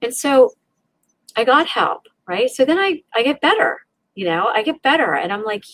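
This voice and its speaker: A middle-aged woman, a resilience coach, telling an emotional personal story as a podcast guest, animated and acting out her inner voices with frequent restarts. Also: fairly high pitch, measured pace, no echo.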